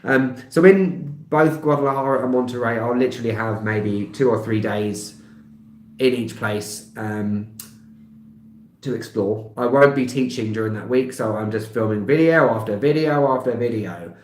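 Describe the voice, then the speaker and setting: A man's voice: mid-range voice, normal speed. A man in his thirties with a London accent, chatting casually on a live stream and answering viewers' comments, rambling with many filler sounds and small laughs. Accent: London English. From England. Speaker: travel vlogger. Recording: roomy echo.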